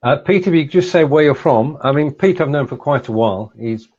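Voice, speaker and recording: A man hosting a live stream in a relaxed, chatty way, reading out viewer comments. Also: fairly high pitch, a little fast, lo-fi sound. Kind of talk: casual live-stream interview.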